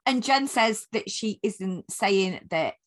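A woman's voice: mid-range voice, expressive, takes it slowly, no echo. A woman co-hosting a casual recap podcast, sarcastic and fond of mocking impressions. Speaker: podcast co-host.

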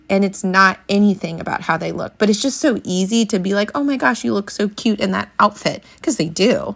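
A woman, hosting a faith-based parenting podcast in an earnest, encouraging way. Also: fairly low pitch. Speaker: podcast host.

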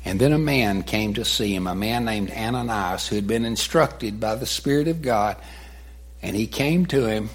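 A man's voice: on the low side, normal speed, breathy edge. A male preacher retelling a story in a sermon, dramatic and voicing the quotes himself.

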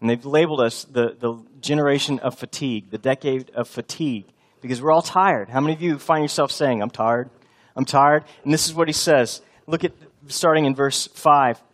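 A man preaching a sermon in a conversational, storytelling way, acting out quotes and often getting softer or louder as he makes a point. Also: mid-range voice, fairly quick. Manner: conversational preaching, acts out quotes with shifts of loudness; many fillers and restarts. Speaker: pastor.

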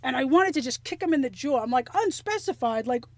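A woman telling a story in casual chat, animated and profane, acting out the things people said. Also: high-pitched, quick pace, dry recording. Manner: animated, profane, acts out quotes.

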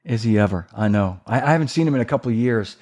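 A man, a drummer, in casual conversation, talking eagerly with halting starts and agreeable replies. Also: medium pitch, expressive, a little mellow.

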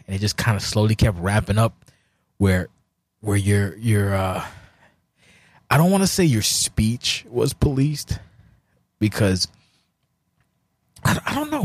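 A man's voice: fairly low pitch, darkish tone, no room sound. A man hosting a podcast in a rambling, offhand, profane casual chat, drinking a beer as he records. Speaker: podcast host.

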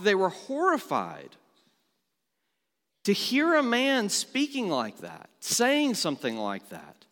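A man's voice: mid-range voice, fairly bright tone. A man preaching a sermon as a pastor, earnest, building emphasis and asking rhetorical questions. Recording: long reverb of a large hall.

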